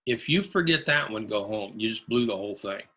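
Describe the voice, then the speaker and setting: A man's voice: on the low side, expressive, brisk, sharp tone. A man from Ohio teaching a real estate webinar, repeating his key phrases in an emphatic coaching way. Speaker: real estate investing instructor.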